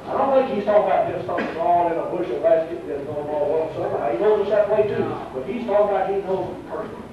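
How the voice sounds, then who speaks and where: Fervent Texan preacher, high voice, preaching in a big echoing church on a muffled old recording. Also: male voice, far from the mic, crowd noise. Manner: fervent preaching, drawn-out emphatic lines with sudden rises. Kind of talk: sermon. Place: church sanctuary. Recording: muffled, echoey old church tape from afar.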